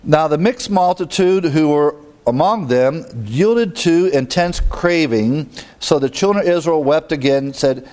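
A man's voice: mid-range voice, animated, a little mellow. Conversational man teaching scripture. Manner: conversational, asks the listeners rhetorical questions; reads scripture aloud quickly. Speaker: preacher. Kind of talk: verse-by-verse Bible teaching.

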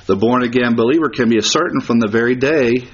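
A male pastor delivers a sermon in a husky voice at an ordinary pitch, pressing his points by saying them again and again. The recording sounds dull and lo-fi. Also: a little fast. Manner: emphatic repetition, chuckles at his own jokes.

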